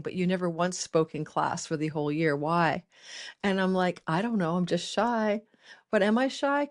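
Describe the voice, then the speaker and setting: A woman astrologer hosting a casual, personal talk from her home studio, chatty and often asking "right?". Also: lowish voice. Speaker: astrologer host.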